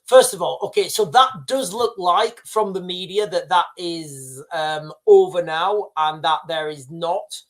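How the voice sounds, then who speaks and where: A man's voice: high-pitched, a little slow, hardly any pauses, a bit bright. A man hosting a casual livestream, rambling through the news with many fillers and restarts. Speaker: livestream host. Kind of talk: casual live commentary.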